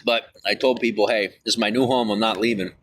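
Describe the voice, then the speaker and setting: A man rambling on a live stream, excitable, swinging from shouting to low grumbling. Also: fast, slight background noise. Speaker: livestreamer.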